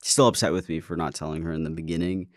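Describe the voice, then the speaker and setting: A man's voice: a bass voice, steady tone, fast talker, dry recording, studio quality. A man hosting his own show, telling a personal story in a candid, casual way, swearing and stammering as he goes. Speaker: podcast host.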